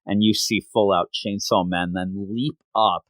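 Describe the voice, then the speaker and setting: A man co-hosting a podcast, chatting casually and acting out quoted lines in quick voices. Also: lowish voice, steady tone, fairly bright tone, dry recording. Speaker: podcast co-host. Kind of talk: casual chat recapping a manga chapter.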